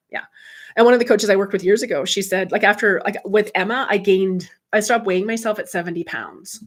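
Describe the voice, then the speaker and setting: A woman's voice: mid-range voice, steady tone, a little fast. A middle-aged woman hosts a casual livestream as a medium and life coach. She talks in a chatty, candid way, tells personal stories and reads viewer comments aloud into a computer mic.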